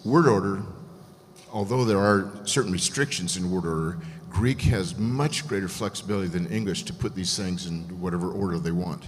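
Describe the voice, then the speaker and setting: A man calmly explaining Greek grammar point by point as a guest scholar. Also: low-pitched, a little hiss or hum. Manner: measured, methodical explanation. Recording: echoey hall, faint ambience.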